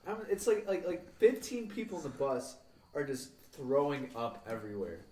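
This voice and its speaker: A man's voice: fairly high pitch, sing-song, moderate pace, mellow. Young man telling rambling stories, echoey room. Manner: rambling, swears, acts out quoted people. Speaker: podcast co-host. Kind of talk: casual storytelling. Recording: echoey room, mic at a distance.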